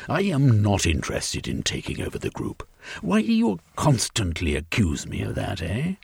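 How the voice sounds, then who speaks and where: A man's voice: lowish voice, huge pitch swings, moderate pace, gravelly, breathy edge, dry recording, full character voice. A man voicing a stubborn, scheming male political agitator who ends his points with a questioning eh in an audiobook story. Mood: defensive. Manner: tags statements with a questioning eh.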